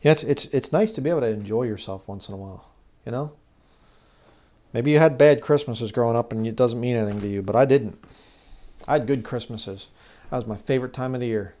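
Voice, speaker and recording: A man giving an informal bible teaching, talking conversationally and growing louder when he reads scripture. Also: medium pitch, brisk. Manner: conversational, rises loud when reading scripture; mocks legalists in put-on voices. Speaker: preacher.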